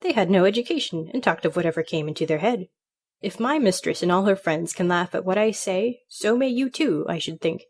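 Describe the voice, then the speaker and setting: A woman's voice: on the low side, lively intonation, brisk. Storybook parrot, male, conceited and chattering, read by a woman. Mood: smug. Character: boastful male pet parrot, smug and witty.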